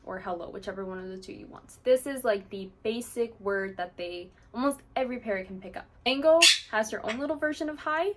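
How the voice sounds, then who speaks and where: A woman's voice: mid-range voice, brisk, few pauses. A woman talking casually to the camera as a channel host, explaining how she does things in a chatty way and filling her talk with "like". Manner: chatty and explanatory, with frequent fillers like "like". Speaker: parrot owner and channel host.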